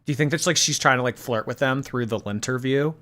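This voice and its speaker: A woman's voice: very deep voice, fast, fairly bright tone. A woman hosts a casual livestream with a chatty, sarcastic manner. Her light lilt comes through as she reads viewer messages aloud and riffs on them. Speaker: host.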